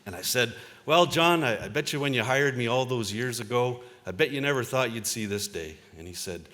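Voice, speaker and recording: A man in his fifties giving a convocation address. He is a journalist telling personal stories in a relaxed, self-deprecating way, with plenty of "uh" fillers. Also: medium pitch, fairly quick. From Ontario, Canada. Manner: conversational storytelling, self-deprecating, with frequent uh fillers. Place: large convocation hall. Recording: reverberant hall.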